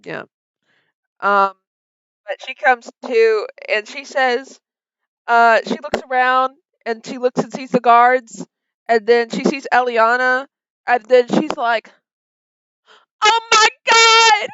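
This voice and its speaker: A young woman narrating a tabletop game as game master, relaxed and hesitant, with many ums. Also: a little high, slow, smooth, no echo. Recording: dull lo-fi sound, dry.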